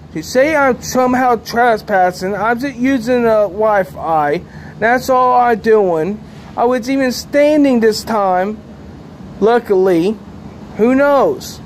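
Guy with a really high voice rambling on and on to his camera outside, repeats himself, faint traffic hum behind. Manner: rambling, repetitive, agitated. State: sleepy. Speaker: vlogger. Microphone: handheld camera.

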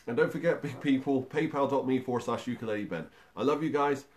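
A man's voice: mid-range voice, fast talker, noisy background. A man hosting a music livestream for young children, chatting in an upbeat, encouraging way with many fillers. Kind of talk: friendly livestream talk to young children and parents.

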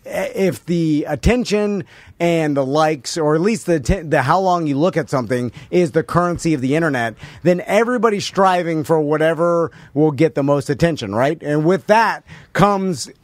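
A man with a somewhat high voice co-hosts a podcast in casual chat. He laughs easily and fills his points with ums and likes. The recording is dry. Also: expressive, moderate pace, no echo. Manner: laughs often, hedges with fillers. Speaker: podcast co-host.

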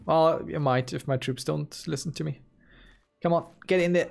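A man's voice: fairly high pitch, fairly even intonation, moderate pace, gravelly. A man commenting casually on his own strategy game, musing and talking to himself playfully. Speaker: gaming video host. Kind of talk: casual let's-play commentary. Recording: soft game music behind.

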